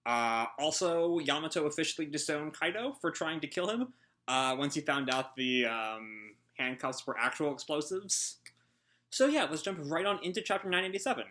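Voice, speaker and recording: A man's voice: on the high side, expressive, normal speed, pushed and bright. A man hosting a casual live reaction, out of breath and rambling through a hesitant recap. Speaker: manga reaction host.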